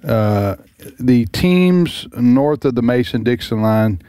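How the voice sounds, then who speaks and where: A man hosting a radio talk show, explaining points in a slow, deliberate way into a studio microphone. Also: medium pitch, animated, mellow, clean tone, no room sound.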